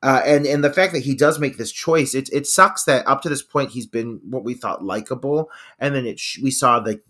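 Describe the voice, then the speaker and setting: Bright-voiced man talking movies. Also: mid-range voice, moderate pace. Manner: emphatic, profane, enthusiastic. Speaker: podcast co-host. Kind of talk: casual film discussion.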